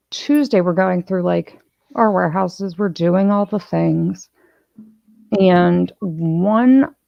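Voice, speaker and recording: A woman's voice: on the low side, creaky, a little mellow, no room sound, highs cut off. A woman host in casual chat, telling a rambling story full of restarts. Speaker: channel host.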